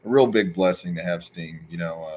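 A man's voice: deep voice, brisk, a little mellow, slight background noise. A man hosting a casual interview, chatty, laughing easily and prompting his guest for stories. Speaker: host.

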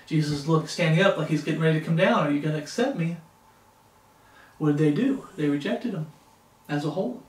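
A man's voice: a little high, fast, a little mellow, echoey room, distant mic, low-quality recording. A man preaching a sermon, reading Bible passages aloud and breaking off into impassioned plain-spoken asides. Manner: reads scripture in King James wording, breaks off into impassioned asides.

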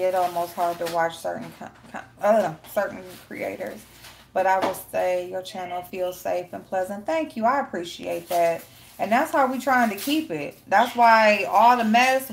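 A woman's voice: medium pitch, a little hiss or hum. A woman hosting a casual live stream, reading chat and greeting viewers by name, blunt and profane with frequent laughter.

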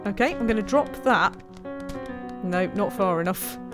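Lively woman playing a game. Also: mid-range voice, moderate pace, over music. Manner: chatty, laughs often, teases game characters. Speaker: gaming streamer. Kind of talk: casual let's-play commentary.

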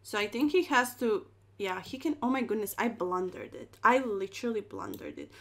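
A woman's voice: mid-range voice, big pitch swings, normal speed, gravelly. A young woman streaming chess, commentating her moves with playful slang and dramatic exclamations.

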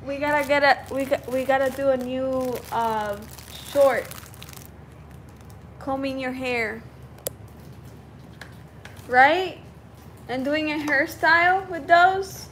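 A mother on a live stream, talking to her toddler in a high sing-song baby voice while opening gifts. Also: slow pace, pauses often, a bit bright, slight background noise. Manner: gasping, cooing with delight. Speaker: mother and vlogger.

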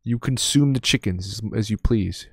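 A man's voice: fairly low pitch, moderate pace, dry recording. A young man streaming a game in casual commentary, joking and rambling with self-mocking asides.

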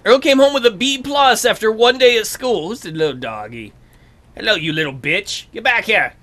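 Excitable high-voiced male game commentator. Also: moderate pace. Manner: excitable and jokey, swears freely. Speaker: let's play host. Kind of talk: casual gameplay commentary.

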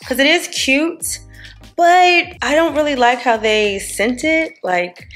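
A woman's voice: sits high, lively intonation, slow, a bit bright, faint music behind. A young adult woman chatting casually in a family vlog, blunt and joking, scolding her kids playfully. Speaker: vlogger mom.

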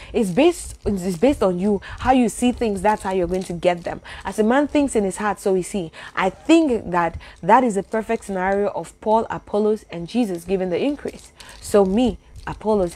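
A woman's voice: fairly high pitch, warm tone. Emphatic woman preaching. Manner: emphatic, with rhetorical exclamations. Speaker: Bible teacher. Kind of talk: informal preaching monologue.

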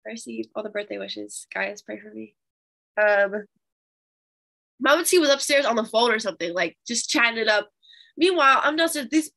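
A young woman teaching a Bible study, telling a testimony in an animated, chatty way with fillers. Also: on the high side, vocal fry.

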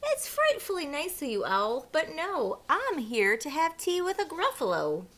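A woman's voice: sits high, wildly swooping pitch, a little slow, a bit bright, pitched above the performer's own voice, full character voice. A woman voicing a small, clever brown mouse in a picture-book reading, speaking boldly and emphatically. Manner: bold and emphatic.

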